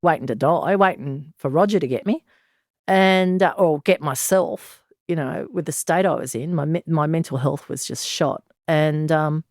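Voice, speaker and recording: Sighing and laughing, a former detective from Australia in her sixties speaks frankly, bluntly and earthily about her story in an interview. Her low-pitched voice is a little mellow and at normal speed, with clean studio sound and no room sound.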